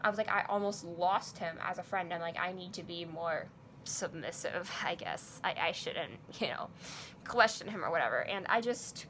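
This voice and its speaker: A woman's voice: on the low side, normal speed, fairly bright tone, a little hiss or hum. A young woman vlogger telling a personal story in a casual, chatty way, full of fillers, acting out both sides of a chat. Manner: chatty, many fillers, quotes herself and others.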